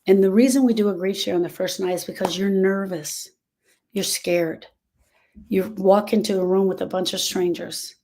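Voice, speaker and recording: A woman with a warm, mellow voice talks straight to her viewers in a heartfelt live stream. She is earnest and repeats her main points for emphasis, as a grief support host reaching out to people who are hurting. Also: mid-range voice, fairly even intonation, moderate pace, a little hiss or hum. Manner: earnest, repeats key phrases, speaks directly to the listener.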